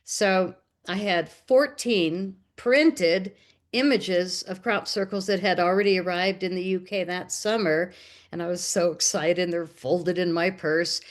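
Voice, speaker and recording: A woman's voice: lowish voice, a little slow. An American woman, a documentary filmmaker and guest on an interview, tells a personal story casually and acts out the voices of the people in it. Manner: animated, acts out quoted dialogue.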